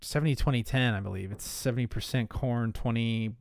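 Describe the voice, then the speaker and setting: A man's voice: medium pitch, fairly quick, creaky, darkish tone, no room sound, studio quality. A man hosting a casual whiskey podcast, rambling with frequent fillers and restarts, a little out of breath. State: slightly out of breath.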